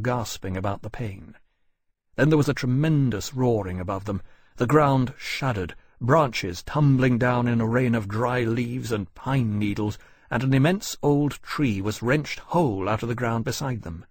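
Casting: male audiobook narrator, husky, dry close studio sound, measured delivery. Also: mid-range voice, dry recording. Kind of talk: scripted narration.

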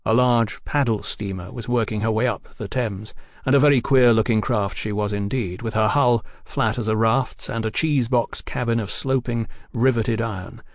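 A man narrating an audiobook in an even, unhurried way. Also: lowish voice, no echo, clean studio sound. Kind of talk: scripted narration.

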